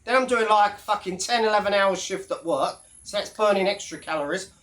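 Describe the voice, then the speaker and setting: A man's voice: high voice, fairly quick, a bit bright. Brash, sweary man ranting. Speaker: YouTube commentator. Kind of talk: casual ranting monologue.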